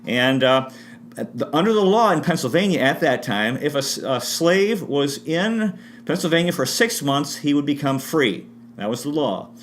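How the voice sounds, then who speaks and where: A man's voice: on the high side, expressive, normal speed, a little hiss or hum. A man giving an unscripted history talk with spiritual asides, often restarting and correcting himself mid-sentence. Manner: rambling, frequent restarts and self-corrections. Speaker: history presenter.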